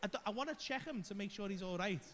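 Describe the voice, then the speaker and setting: A man doing stand-up storytelling, his voice pitched very high for a man. He tells the story in an animated, profane way and acts out the voices and the screams. Faint noise hums under the recording. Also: fast. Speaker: stand-up comedian.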